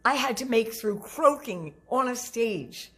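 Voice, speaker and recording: A woman's voice: a little high, expressive, unhurried, fairly bright tone. A middle-aged woman singing teacher giving a motivational talk to camera, earnest and coaching, often repeating herself.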